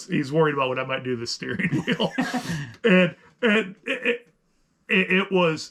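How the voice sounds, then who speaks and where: A middle-aged man co-hosting a podcast, telling a story in casual chat with lots of restarts and rambling asides. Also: a little high. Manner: animated, rambling with many restarts. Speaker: podcast co-host.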